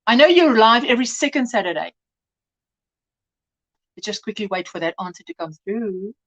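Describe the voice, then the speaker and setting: A woman's voice: on the high side, animated, normal speed. A woman hosting a casual crochet livestream, chatting, reading out viewer comments and laughing often.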